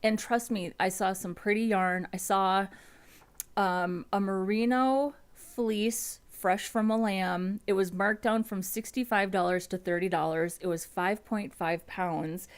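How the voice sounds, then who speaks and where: A woman's voice: mid-range voice, fairly even intonation, unhurried, clean tone. A woman chatting casually at home as host of a front-end coding live stream, rambling and restarting her sentences.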